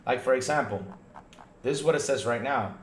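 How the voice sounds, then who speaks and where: A man hosting a casual gaming podcast stream, animated and talking straight to his viewers, often checking in with "right?". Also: mid-range voice, brisk, echoey room, slight background noise. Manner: animated, talks to chat viewers, lots of "right?" and restarts. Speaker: podcast host. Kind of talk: casual livestream podcast chat.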